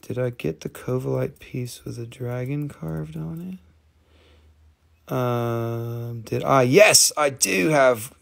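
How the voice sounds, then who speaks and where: Gravelly excitable man selling crystals live. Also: slow. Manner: excitable, profane, big jumps in pitch. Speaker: host of a live crystal sale stream. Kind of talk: excited live sales chat.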